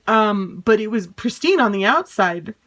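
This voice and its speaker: A woman's voice: mid-range voice, expressive, measured pace, a bit bright. A young woman in a casual home unboxing vlog, chatty and exasperated, swearing and laughing things off. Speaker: vlogger.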